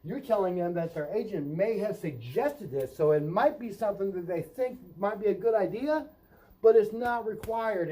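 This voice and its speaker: A man's voice: sits high, mellow, poor audio. A man coaching roofing salespeople in a vlog, talking emphatically and often checking in with the viewer by asking "right?". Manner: emphatic coaching, role-plays customer and salesman lines. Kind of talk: instructional vlog.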